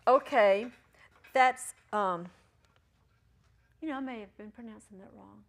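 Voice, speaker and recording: Woman teacher, slow and chatty, high-ish voice, classroom lecture. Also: a little hiss or hum. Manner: chatty, encouraging, jokes with students. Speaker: Greek teacher at a ministry school.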